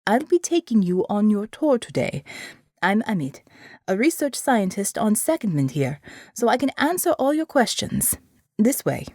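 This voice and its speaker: A woman voicing a polite young man with a faint Indian accent, a calm and reflective research scientist in an audiobook. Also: mid-range voice, normal speed, dry recording, clean studio sound. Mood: earnest. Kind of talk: audiobook character voice.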